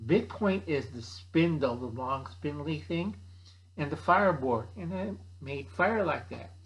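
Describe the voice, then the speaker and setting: Older man, sixties, casual vlog host, gruff and blunt with a joking streak, voice sits a little high. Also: animated, a little slow. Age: 60s. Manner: gruff, blunt, jokey, calls himself by name; acts out other people's voices in a higher pitch. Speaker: channel host. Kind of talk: casual rambling chat.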